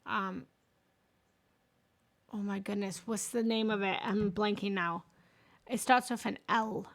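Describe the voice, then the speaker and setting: A woman's voice: mid-range voice, steady tone, a little slow. A woman spiritual coach talking casually, thinking aloud as she tries to recall a word. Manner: chatty, searching for words aloud. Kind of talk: casual chat.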